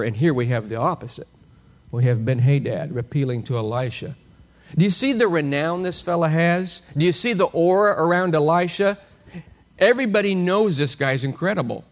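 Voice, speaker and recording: A man preaching an expository sermon with a fairly high voice. He teaches in an animated way, firing rhetorical questions at his listeners and chuckling now and then.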